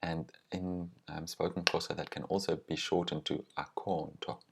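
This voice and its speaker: Deep voiced guy teaching grammar, says each example phrase slow and careful. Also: flat delivery, gravelly, slightly rough. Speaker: language teacher.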